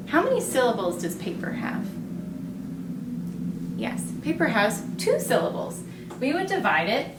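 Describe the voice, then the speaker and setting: A woman with a slightly raised voice teaches a phonics lesson, patient and encouraging as she waits for answers. The sound is roomy and echoey, picked up from some distance, with a faint hiss underneath. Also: high voice.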